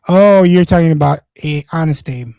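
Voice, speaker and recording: A man's voice: fairly high pitch, normal speed, vocal fry, dark tone, smooth, dry recording. A man hosting a livestream, chatting loosely and swearing, laughing through his stories. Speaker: livestream host. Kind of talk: casual stream chat.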